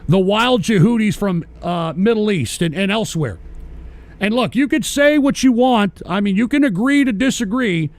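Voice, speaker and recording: A man's voice: high-pitched, lively intonation, moderate pace. A man hosting a live-streamed political show, ranting and berating his listeners with constant profanity. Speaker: host.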